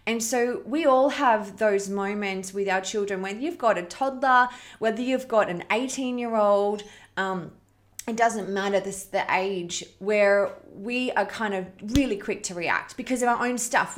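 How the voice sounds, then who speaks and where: A woman's voice: medium pitch, moderate pace. A woman hosting a parenting challenge, telling a story to her online audience in an earnest, heartfelt, conversational way.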